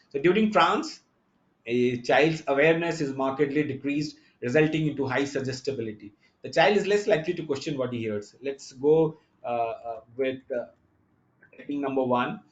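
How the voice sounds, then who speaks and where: A man giving an online conference lecture, explaining step by step and often pausing on fillers and restarts. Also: a little high. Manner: halting, many fillers and restarts; explanatory, addresses the audience directly. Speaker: conference speaker. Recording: echoey lo-fi online talk audio.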